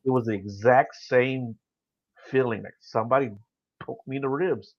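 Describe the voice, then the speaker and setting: A man with a low, gravelly voice asks questions and tells his own stories at an easy pace, with plenty of "uh" and "you know". The recording sounds a little muffled and dry, with no room echo. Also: moderate pace. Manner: relaxed, easygoing storytelling with "uh" and "you know". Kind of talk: casual podcast chat.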